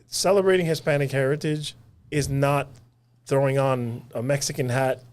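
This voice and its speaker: A man's voice: mid-range voice, fairly even intonation, normal speed, a little mellow. A man from Puerto Rico, a guest commentator in a casual political podcast chat, talking emphatically and repeating words as he builds up.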